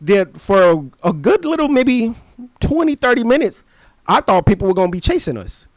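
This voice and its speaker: High-voiced New man telling a story. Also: normal speed, no room sound. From Brooklyn, New York. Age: 30s. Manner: animated, slangy, acts out the people in his story. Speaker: podcast host. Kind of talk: casual storytelling.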